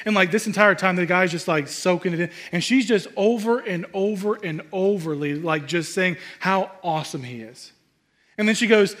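A man preaching a sermon, humorous and animated, swinging between loud excitement and hushed asides. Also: high-pitched, moderate pace. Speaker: pastor.

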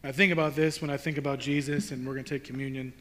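A man's voice: medium pitch, little pitch movement, fast, fairly bright tone. A male pastor preaching a sermon in a conversational, emphatic way, building to rhetorical questions.

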